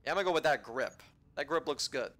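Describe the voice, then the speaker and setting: A man giving casual let's-play commentary, rambling to himself with frequent restarts, swearing and sudden excited outbursts. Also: a little high, fast.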